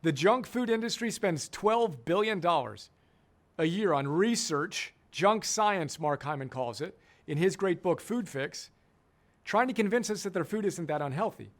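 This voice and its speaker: Emphatic high-voiced man teaching. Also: animated, unhurried. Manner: emphatic, repeats key phrases. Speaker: coach and program founder. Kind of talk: enthusiastic teaching talk.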